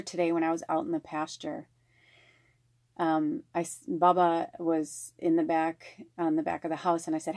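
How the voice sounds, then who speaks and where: A woman reading oracle card messages in a slow, measured way and telling a chatty personal story full of fillers. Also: deep voice, level tone, darkish tone, dry recording, studio quality. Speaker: spiritual card reader.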